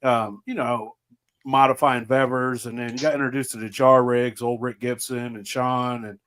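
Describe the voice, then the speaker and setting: A man's voice: medium pitch, fairly even intonation, moderate pace, fairly bright tone, clean tone. A man in casual chat, telling loose stories and mimicking others in quotes. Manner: laughing, loose storytelling with mocking quoted voices.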